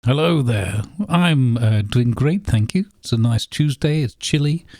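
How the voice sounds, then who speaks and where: A man's voice: mid-range voice, expressive, unhurried, mellow, no room sound. A man co-hosting a casual podcast, chatting in dry, teasing banter. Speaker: podcast co-host.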